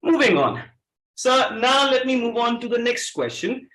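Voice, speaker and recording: A man's voice: very high voice, very animated, unhurried, a bit bright. A man leading an interactive pronunciation workshop, energetically coaxing his audience with questions. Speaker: speaker at a public-speaking club. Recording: echoey meeting room.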